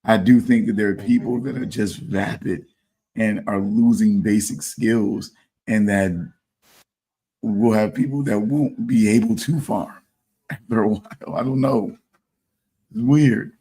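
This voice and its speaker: A man co-hosting a podcast in casual chat, hesitant and halting as he muses. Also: on the low side, steady tone, dark tone, breathy edge. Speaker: podcast co-host.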